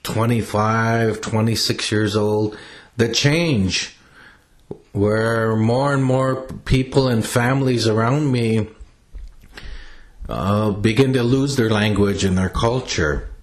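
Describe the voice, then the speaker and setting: Older male elder, slow reflective storyteller, plain and unhurried. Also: fairly low pitch. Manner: unhurried, plain-spoken, with pauses and restarts. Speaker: elder sharing teachings.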